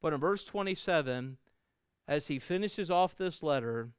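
A middle-aged man preaching a sermon as a pastor, earnest, building up louder and then dropping to soft endings. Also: fairly high pitch, animated, moderate pace, clean tone, dry recording, clean studio sound.

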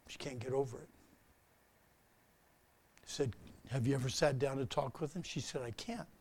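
A man preaching a sermon in an earnest, conversational way, with sudden emphatic bursts, then leading the church in soft, reverent prayer. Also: medium pitch, normal speed, slightly rough. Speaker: guest preacher.

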